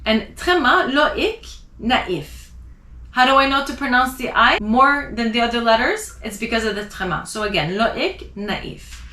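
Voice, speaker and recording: A woman teaching a language class who spells out letters and repeats example words slowly and deliberately. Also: fairly high pitch, expressive, sharp tone. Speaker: French teacher. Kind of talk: slow pronunciation lesson. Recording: echoey room.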